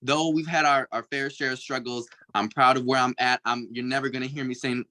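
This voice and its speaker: Young male panelist from Flint, bright tone, lively storyteller, video call. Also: mid-range voice, brisk, few pauses. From Flint, Michigan. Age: young adult. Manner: animated storytelling, mimics others. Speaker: youth panelist. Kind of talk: casual panel discussion.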